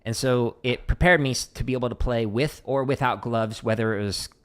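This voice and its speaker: A man's voice: medium pitch, fairly quick, clear, resonant tone. Chatty man explaining drum strokes. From Arizona, USA. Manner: relaxed, chatty, many fillers, counts strokes aloud. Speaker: drum teacher streaming Q&A. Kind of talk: casual livestream teaching.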